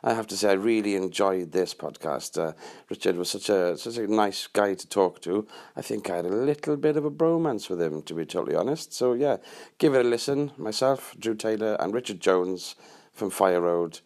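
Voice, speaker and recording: A man's voice: on the low side, lively intonation, normal speed, darkish tone. A man hosting a podcast, introducing his guest with joking, teasing banter. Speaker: podcast host. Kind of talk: casual podcast chat.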